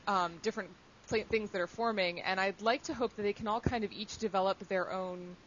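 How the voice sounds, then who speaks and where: A woman's voice: mid-range voice, fairly even intonation, fairly quick. A woman chatting casually on a podcast panel, upbeat and hedging as she talks. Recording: dull lo-fi sound with faint hiss.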